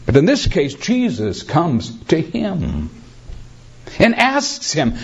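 A man preaching with a high, lively voice that climbs and falls with emphasis. He takes his time, letting lines land slowly and calling his listeners beloved. The recording is dull and lo-fi. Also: creaky, husky. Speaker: pastor. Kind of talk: sermon.

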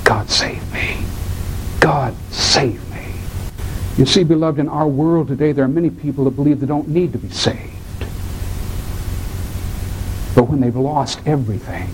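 A man preaching a sermon, addressing listeners as beloved and swinging from low hushed tones to high cries when he quotes. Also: moderate pace, pauses often, a little hiss or hum, rough recording. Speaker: pastor.

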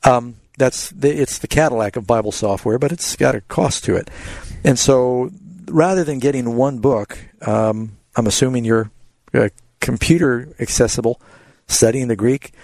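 A man, a pastor hosting a call-in radio show, answering Bible questions in a relaxed, explanatory way. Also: mid-range voice, moderate pace, vocal fry, no room sound.

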